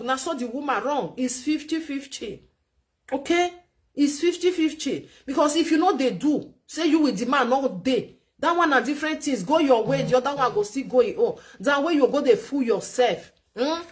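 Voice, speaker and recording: Lecturing Nigerian Pidgin woman, higher voice. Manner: chatty, lecturing, repeats herself for emphasis. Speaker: vlogger giving relationship advice. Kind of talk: casual commentary.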